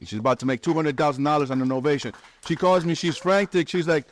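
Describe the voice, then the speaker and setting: A man's voice: a little high, fast talker, slight background noise. A man speaking as a real estate investor and mentor to a live meetup audience, blunt and swearing, acting out other people's lines in a raised voice. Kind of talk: animated talk to a live audience. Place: meetup room.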